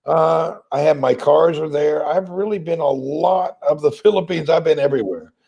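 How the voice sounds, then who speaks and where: A man from Tennessee with a Southern accent and a slightly hoarse, crackly voice, chatting casually on a livestream and reading viewer comments. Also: on the high side, moderate pace, dark tone, lo-fi sound. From Tennessee, USA. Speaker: livestream host.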